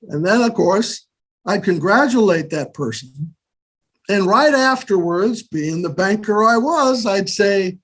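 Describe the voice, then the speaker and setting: High-voiced older man teaching business finances. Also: lively intonation, unhurried, fairly bright tone. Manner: conversational, keeps checking in with "okay?" and "right?". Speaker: business workshop presenter. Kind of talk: casual instructional talk.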